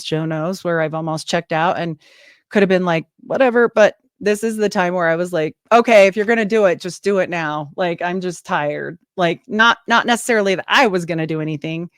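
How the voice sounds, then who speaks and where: In a smooth, lowish voice, a woman talks casually during an interview, recorded in studio quality with no echo. Speaking as a podcast host or guest, she tells a long story with animation, acting out what people said in lively quoted voices.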